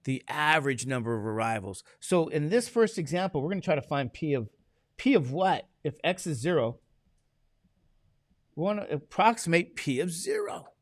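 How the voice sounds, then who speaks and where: A man's voice: on the high side, very animated, normal speed, dry recording, clean studio sound. A man teaching a classroom lecture, chatty and digressive, asking the class questions as he goes.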